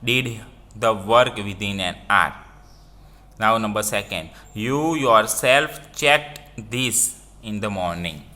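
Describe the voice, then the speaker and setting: Indian english teacher guy, slow and bright, keeps asking "what?" and repeating stuff. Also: lowish voice. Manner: repeats points, quizzes listeners with "what?". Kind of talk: classroom grammar lesson.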